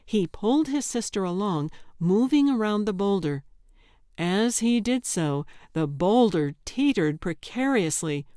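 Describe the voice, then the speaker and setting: A woman narrating an audiobook in a measured, deliberate storytelling manner. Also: medium pitch, a little mellow, no room sound, clean studio sound.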